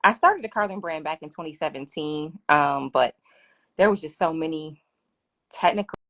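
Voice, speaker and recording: A woman's voice: low voice, lively intonation, normal speed, a bit bright. A woman hosting a casual live finance Q&A from her phone, chatty and laughing often. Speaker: finance livestream host.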